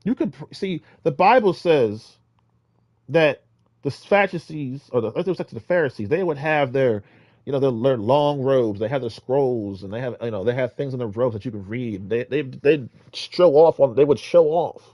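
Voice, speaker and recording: A man talks through his ideas on street preaching in a loose, rambling monologue, full of restarts. He swings between loud, emphatic bursts and low, muttered asides. His voice sits at a middling pitch, recorded close and dry with no room echo. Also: normal speed, muffled recording. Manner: rambling, exhorting, with many restarts. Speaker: vlogger giving street-preaching advice.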